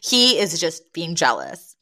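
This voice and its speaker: A woman's voice: deep voice, measured pace. A woman co-hosting a podcast, casually recapping a sitcom episode with lots of laughter and acted-out lines. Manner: animated, laughs often, acts out lines from scenes. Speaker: podcast co-host.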